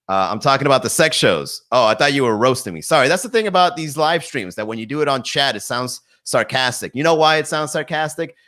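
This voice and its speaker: A young man talks to his live-stream audience from his garage, running on and on in loose riffs. His voice is bright and forward, and he laughs at his own jokes as he goes. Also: mid-range voice. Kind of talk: casual live-stream comedy chat. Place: home garage.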